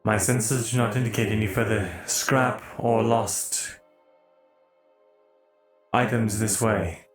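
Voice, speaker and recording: A man's voice: on the low side, fairly even intonation, slow pace, pauses often. A man voicing a formal, literal-minded male synthetic soldier in live role-play, speaking stiffly without contractions. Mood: calm. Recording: roomy echo, faint music.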